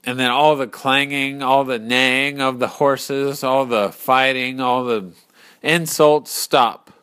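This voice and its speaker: A man telling a story slowly and deliberately, pausing to explain its lessons. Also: mid-range voice, steady tone, fairly bright tone, clear, resonant tone. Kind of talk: storytelling narration.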